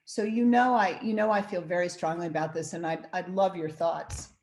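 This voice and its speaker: A woman's voice: fairly low pitch, steady tone, moderate pace, a little mellow. Eager woman interview host. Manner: eager, emphatic agreement. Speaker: podcast host.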